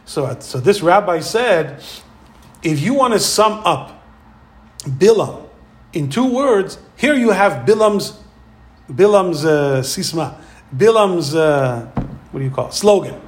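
High-voiced animated male Torah teacher. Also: takes it slowly, long pauses. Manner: animated storyteller acting out quoted voices. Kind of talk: Torah lecture.

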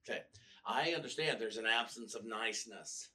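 A man's voice: on the low side, moderate pace, bright, forceful tone, recorded from a distance. A male minister giving a casual, storytelling sermon with wry humor, often restarting his sentences. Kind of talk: conversational sermon. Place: church.

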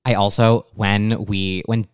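A young adult podcast guest chatting casually, halting often and filling gaps with "like". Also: sits low, flat delivery, clean tone, no room sound, clean studio sound. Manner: halting, full of "like" fillers. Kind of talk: casual chat.

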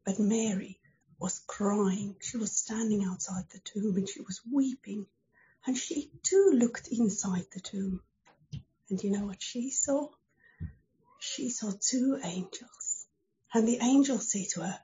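A woman's voice: mid-range voice, a little slow, mellow, lo-fi sound. A woman telling a Bible story at a church service in plain, careful words. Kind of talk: slow, simple Bible storytelling.

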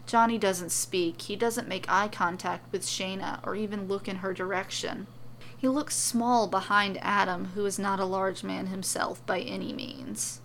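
A woman reads a serialized story with steady, even narration. Her voice has a gravelly texture. A faint background hiss runs under the recording. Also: medium pitch, a little slow.

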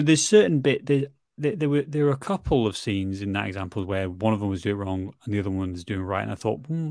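A man talks through a film in relaxed chat, thoughtful but full of stammered restarts. He swears now and then. The voice is low and the recording close and dry. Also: no echo. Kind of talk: casual film discussion.

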